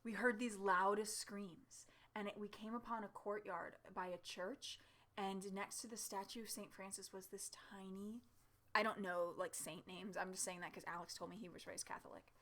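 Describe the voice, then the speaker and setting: A woman telling a story in a casual home vlog, chatty and animated, with lots of fillers and laughter, sitting at home in front of her camera. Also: medium pitch, moderate pace, slight background noise. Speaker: vlogger. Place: home, seated in a chair with her cat.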